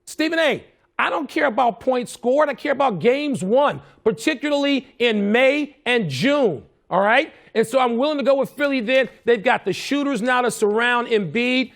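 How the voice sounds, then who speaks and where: A male analyst with a notably high voice makes his case in a steady, measured way. He stands his ground as he debates. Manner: firm, measured arguing. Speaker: sports analyst. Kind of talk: debate on a sports show.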